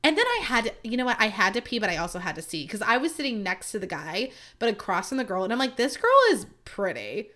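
A woman's voice: mid-range voice, fast talker, hardly any pauses, pushed and bright. A woman in her thirties, a podcast host, telling a story in a casual, chatty way with lots of asides to her listeners. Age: 30s.

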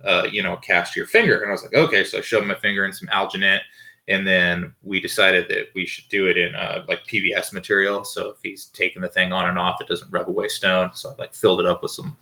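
A man's voice: sits low, fairly even intonation, a little fast, pushed and bright. A man in his thirties hosting a podcast from home, telling rambling stories with lots of fillers and swearing. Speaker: podcast host. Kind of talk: casual storytelling monologue. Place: home with dogs barking nearby.

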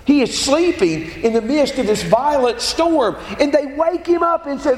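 A man preaching in a church, his voice unusually high and animated, rising and falling as he presses his points. The sound carries a long, roomy reverb with faint ambient noise behind it. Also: unhurried, few pauses. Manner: emphatic preaching, quotes scripture aloud. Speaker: pastor. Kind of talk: sermon.

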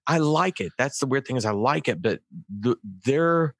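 A man co-hosting a podcast, telling stories in a lively way with many restarts. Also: medium pitch, moderate pace, dry recording, studio quality. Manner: animated storyteller, hesitant restarts. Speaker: podcast co-host. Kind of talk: casual chat.

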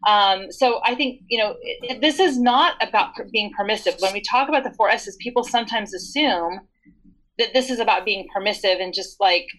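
A woman's voice: mid-range voice, fairly quick, rough recording. A woman in her forties chatting on a podcast, explaining parenting ideas through stories and acting out what a parent might say. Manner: warm explanatory storytelling, acts out parent lines. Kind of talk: casual podcast chat.

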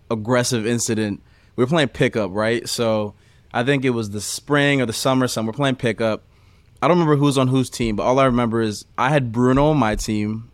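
A man co-hosting a sports podcast, a former college player telling stories with lots of laughter and loud acted-out quotes. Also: mid-range voice, no echo. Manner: animated storyteller, acts out quotes loudly, laughs often. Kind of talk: casual storytelling chat.

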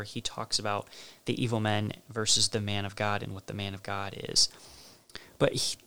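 Gravelly, halting male Bible teacher. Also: on the low side, a bit bright, dry recording. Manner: halting, with frequent restarts and emphatic repetition; reads scripture passages aloud.

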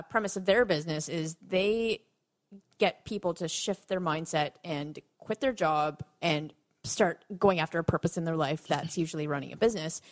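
A woman from Canada hosts an interview and asks her guest questions. She is friendly and agreeable, with a voice a little lower than most women's. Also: no echo. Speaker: podcast host. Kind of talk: casual interview.

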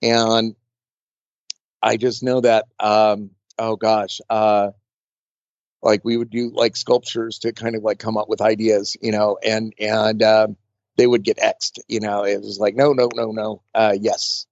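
A makeup artist being interviewed, telling stories in a chatty, rambling way with lots of fillers and restarts. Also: male voice, lowish voice, little pitch movement, unhurried, dry recording. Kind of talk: casual storytelling interview. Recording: dull lo-fi dry sound.

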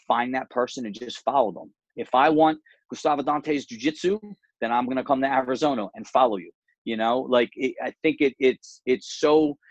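A man in his forties, a martial arts gym owner, telling his story candidly as an interview guest, earnest and quick, often repeating words. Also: medium pitch, dry recording, muffled recording.

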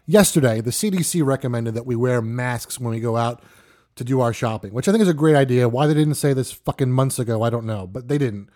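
A man hosting a podcast, yelling a profane, exasperated rant. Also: mid-range voice, fairly quick. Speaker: podcast host. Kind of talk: ranting monologue.

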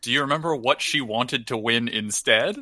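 A man's voice: mid-range voice, normal speed, bright, forceful tone, no echo. A man co-hosting a podcast, making wry, joking asides in casual chat. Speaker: podcast co-host.

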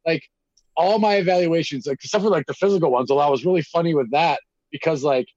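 A man, telling stories in casual chat, animated and acting out quotes with lots of fillers and swearing. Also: on the high side, fast talker, dry recording. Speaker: guest telling prison stories. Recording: dull lo-fi dry recording.

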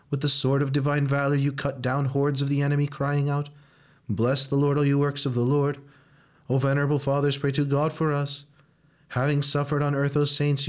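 Smooth-voiced man chanting prayers. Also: medium pitch. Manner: solemn chanted recitation. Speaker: reader of prayers. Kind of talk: liturgical chanting.

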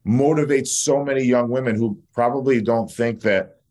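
A man's voice: mid-range voice, moderate pace, a little mellow. A male dentist and educator talking in a casual interview, blunt, fired-up and openly emotional.

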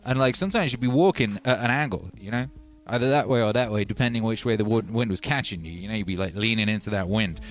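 A man's voice: lowish voice, quick pace. A man from Wales, chatting casually as a livestream host in a loose, meandering way full of "you know" and "like.". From North Wales. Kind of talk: rambling casual livestream chat. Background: music.

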